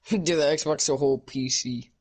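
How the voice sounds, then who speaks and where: A man's voice: a little high, fairly even intonation, measured pace, darkish tone, slightly rough. A young man in a casual chat with friends, joking, laughing often and swearing freely.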